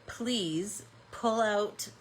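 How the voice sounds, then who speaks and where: A woman's voice: medium pitch, drawn-out words, husky, rough recording. A woman with a stuffy nose hosting a live-stream art class, chatting casually and thinking aloud with fillers as she paints.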